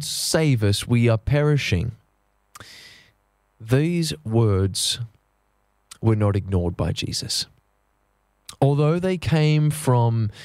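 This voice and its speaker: Male preacher, mid-pitched, earnest sermon delivery with slow emphatic phrases, dry close recording. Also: darkish tone, no room sound. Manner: earnest, slowing down to stress key phrases.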